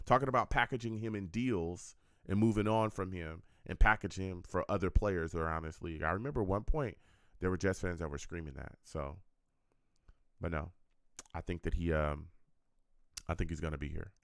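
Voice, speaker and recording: A man hosting a live football draft reaction stream, excitable and quick to laugh, with slangy banter. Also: low voice, dry recording, studio quality.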